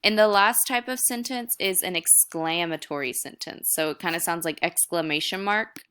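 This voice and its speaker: A woman's voice: lowish voice, moderate pace, bright, forceful tone, smooth. A young woman teacher recording a video lesson, explaining step by step in a casual way.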